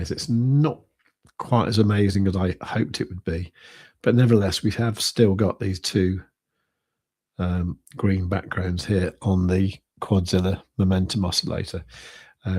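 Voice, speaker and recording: On a crypto trading livestream, a British host muses aloud over charts in a casual, filler-heavy way. He has a low-pitched, darkish voice with a breathy edge.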